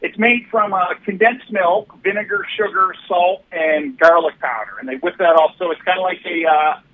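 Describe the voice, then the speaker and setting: A man from Canada calls in over a thin, phone-quality line. His voice sits high, and he explains things in a relaxed, chatty way with plenty of fillers. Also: normal speed, a little hiss or hum. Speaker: guest on a call-in. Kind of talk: casual chat.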